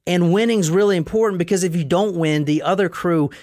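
A podcast host tells a history story in a relaxed, emphatic way, with a mid-pitched voice. The sound is dry and close, with no room around it. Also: brisk, no echo. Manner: storytelling, emphatic, casual with profanity. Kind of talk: casual explainer talk.

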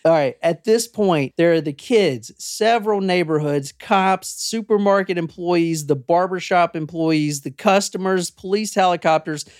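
A woman from the American South hosting a podcast, telling a true-crime story in a lively, casual way with swearing and acted-out quotes. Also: a little slow, few pauses, dry recording, clean studio sound. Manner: animated, swears, acts out quotes in a high voice. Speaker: podcast host.

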